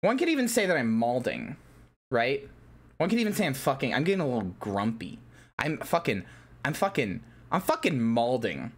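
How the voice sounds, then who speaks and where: Excitable, giggly woman streamer. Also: a bass voice, moderate pace, husky. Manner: excitable, giggly, swears a lot, bursts into shouts. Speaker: VTuber streamer. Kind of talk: casual live-stream chat with viewers.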